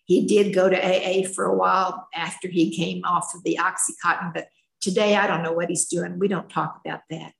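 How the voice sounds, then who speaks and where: This older woman's voice is lowish and gravelly, a little fast, with little pitch movement, and the room is echoey. Once a schoolteacher, now retired, she recounts her life with folksy, plainspoken candor.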